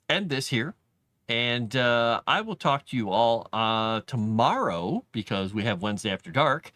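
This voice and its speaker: A man's voice: medium pitch, fairly bright tone, no echo. A man hosting a casual live stream from his basement, chatting in a rambling way and laughing often. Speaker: livestream host. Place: home basement.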